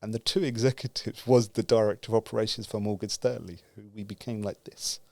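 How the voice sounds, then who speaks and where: Animated storytelling man, dry close sound. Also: lowish voice, fairly quick, gravelly, dry recording. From United Kingdom. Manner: lively, acts out quoted dialogue, laughs. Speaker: guest speaker.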